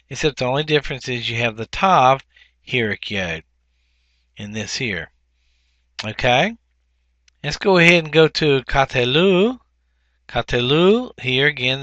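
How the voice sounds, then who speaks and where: A man teaching a recorded grammar lesson, explaining step by step with frequent ums and restarts, and slowing down to sound out words. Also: medium pitch, bright, forceful tone, no room sound, dull audio.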